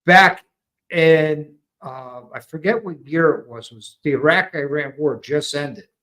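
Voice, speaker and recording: Slightly high-voiced American man storytelling. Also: a bit bright, low-quality recording. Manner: measured, explanatory storyteller with many ums. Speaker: guest, military veteran. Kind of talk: casual storytelling conversation.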